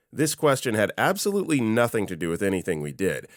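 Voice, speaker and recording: Lively, low-voiced male story narrator. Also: brisk, few pauses, no room sound, studio quality. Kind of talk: reading a Reddit story aloud.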